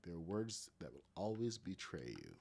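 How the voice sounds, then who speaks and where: A man's voice: deep voice, wildly swooping pitch, normal speed, gravelly, darkish tone. A man with a Caribbean accent giving casual commentary, thinking aloud and talking to his chat while building in a game. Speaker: gaming streamer.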